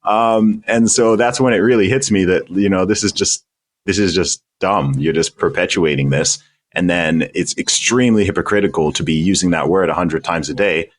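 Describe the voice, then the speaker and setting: A man's voice: deep voice, moderate pace. A man with a British accent, a guest on a podcast interview, answering bluntly and emphatically and repeating words as he stresses his points. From United Kingdom. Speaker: guest, independent rapper.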